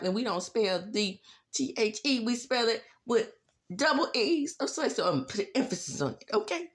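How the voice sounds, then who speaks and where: A woman hosting her own channel, recapping reality TV in a sassy, animated way. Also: mid-range voice, moderate pace. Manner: sassy, animated, says "baby" a lot. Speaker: YouTube recap host.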